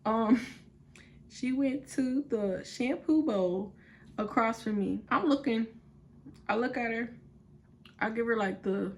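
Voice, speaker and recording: A young woman vlogger tells a story in an animated, blunt way with lots of swearing. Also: on the high side, slow, pauses often, a little hiss or hum. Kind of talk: casual storytime vlog.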